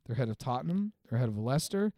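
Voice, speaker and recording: A man co-hosting a podcast, chatting about football in a quick, teasing, animated way. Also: mid-range voice, dry recording, studio quality. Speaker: podcast co-host. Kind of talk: casual sports chat.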